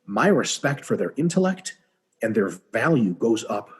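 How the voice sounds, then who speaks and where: A man talking as a guest on a podcast in casual conversation, profane and animated, often acting out little dialogues. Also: medium pitch, breathy edge. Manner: profane, animated, acts out dialogue in quick voices.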